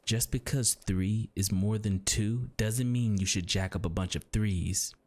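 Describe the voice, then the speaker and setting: A man's voice: fairly low pitch, measured pace. A man narrating a sports video from a script, with confident, mocking commentary.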